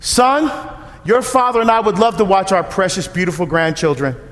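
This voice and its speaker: A man's voice: high-pitched, animated, moderate pace, a bit bright, voice pushed down. A man voicing a sweet, earnest devout grandmother. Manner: sweet, earnest, slipping in prayers. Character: devout grandmother, middle-aged, gently pointed. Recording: echoey church hall, long reverb.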